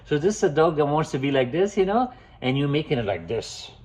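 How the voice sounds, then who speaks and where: A man's voice: on the high side, big pitch swings, brisk, darkish tone. A man giving casual dog-training advice, emphatic and constantly calling the viewers "guys". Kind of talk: casual instructional talk. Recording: dull lo-fi sound.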